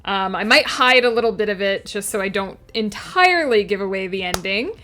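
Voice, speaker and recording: A woman's voice: medium pitch, animated, fairly quick, bright, forceful tone, faint music behind. A woman author streaming her work, chatting casually with her viewers and laughing often. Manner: giggly, chatty, talks to viewers. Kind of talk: casual livestream chat.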